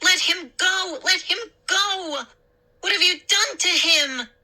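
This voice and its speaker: A woman's voice: slow pace, pushed and bright, exaggerated voice. A woman voicing a bossy young girl who shrieks and scolds, in a read-aloud scary story. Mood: shrieking. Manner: shrill, scolding.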